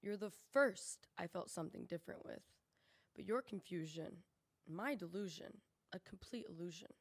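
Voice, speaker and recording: A woman reading a rhymed spoken word poem on a poetry cafe stage, earnest and measured. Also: lowish voice. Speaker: open mic poet.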